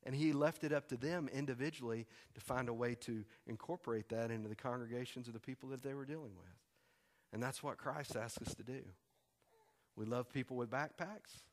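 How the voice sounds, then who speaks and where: A pastor delivers a sermon from the pulpit. He keeps it conversational but leans hard into emphasis, repeating his key lines. His voice sits at an ordinary middle pitch for a man. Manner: conversational, emphatic preaching with repetition.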